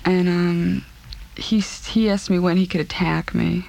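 A woman recounting a personal ordeal in an interview, speaking in a halting, subdued way and repeating herself. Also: on the low side, steady tone, creaky, darkish tone.

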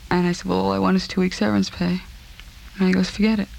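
A woman recounting a personal ordeal in an interview, speaking in a halting, subdued way and repeating herself. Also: mid-range voice, flat delivery, creaky, a little mellow.

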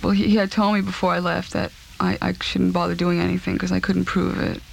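A woman recounting a personal ordeal in an interview, speaking in a halting, subdued way and repeating herself. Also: on the low side, little pitch movement, vocal fry, a little hiss or hum.

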